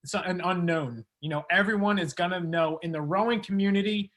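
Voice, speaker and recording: A man co-hosting an interview show, enthusiastic and chatty, talking in quick bursts. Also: high-pitched, fairly bright tone. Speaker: podcast co-host.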